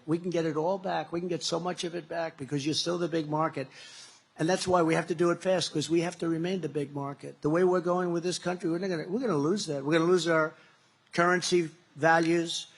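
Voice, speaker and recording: A man's voice: on the high side, fairly even intonation, brisk, vocal fry, breathy edge. A man in his seventies giving a campaign rally speech at a factory, repetitive and boastful, retelling conversations in a conversational way. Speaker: political candidate.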